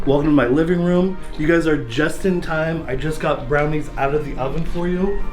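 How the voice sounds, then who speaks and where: A man's voice: on the high side, moderate pace, over music. A tattoo artist man in his thirties from California, giving a playful home tour and talking about himself in the third person in a campy, theatrical way.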